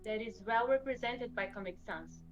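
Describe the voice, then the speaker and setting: A woman's voice: fairly high pitch, moderate pace, lo-fi sound, soft background music. A woman guest designer chatting casually, often laughing and restarting her sentences. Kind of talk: casual chat.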